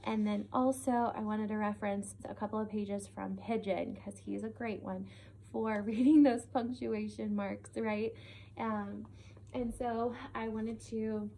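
A young adult woman teacher giving a reading lesson to young children, expressive and encouraging, checking in with little questions. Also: a little high, a little hiss or hum.

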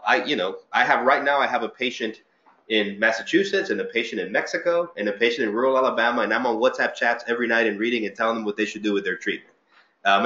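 A middle-aged male physician giving an informal talk to trainees, telling stories conversationally and acting out the people he quotes. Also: medium pitch. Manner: conversational storytelling with lively quoted voices. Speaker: physician speaker at a training seminar. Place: lecture room. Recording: roomy, slightly muffled lecture recording.

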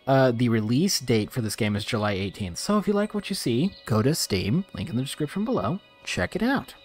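Brief: male let's-player, lively and expressive, chatty with viewers, soft game music under him. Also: medium pitch, fairly quick, few pauses. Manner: excitable, talks straight to viewers, rants playfully. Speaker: gaming video creator. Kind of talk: let's play commentary.

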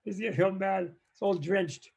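Gravelly man telling a story, animated. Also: high voice, normal speed. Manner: animated, rambling, lots of "you know, like". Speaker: Buddhist teacher. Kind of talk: storytelling talk. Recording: dull lo-fi sound.

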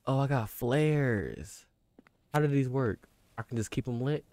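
A man's voice: medium pitch, a little slow, darkish tone, a little hiss or hum. A young man casually commentating a horror game, loose and slangy, swearing often and sometimes singing along. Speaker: gaming streamer. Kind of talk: casual let's-play commentary.

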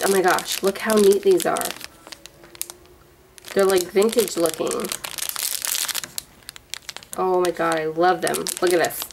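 A woman's voice: medium pitch, noisy background. A woman in her thirties chatting casually as she unboxes a gift box of craft supplies, gushing and rambling with lots of fillers. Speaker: vlogger showing a gift box. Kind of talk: casual show-and-tell unboxing.

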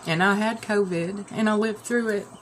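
A woman's voice: mid-range voice, steady tone, normal speed, slight background noise. A woman hosting a casual live stream, upset and near tears, rambling with many fillers and restarts.

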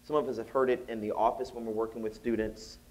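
A man giving a storytelling keynote at a conference, acting out the people in his story and rising to high exclaims. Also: quick pace. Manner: animated, acts out voices, rises to high exclaims. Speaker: keynote speaker. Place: conference hall.

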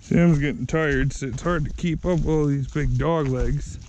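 A pet owner out on a trail, coaxing dogs in high sing-song calls, recorded on an action camera. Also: normal speed, a little mellow, a little hiss or hum. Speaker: pet owner filming a dog walk. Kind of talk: casual vlog talk to pets. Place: outdoors, field and trail. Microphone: action camera worn while out with the dogs.

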